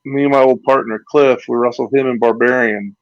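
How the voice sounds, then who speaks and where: Gravelly-voiced man telling wrestling stories. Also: mid-range voice, fairly even intonation, fairly quick, no room sound, lo-fi sound. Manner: rambling anecdotes with acted-out quotes and laughs. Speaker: retired pro wrestler, guest. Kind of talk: casual storytelling interview.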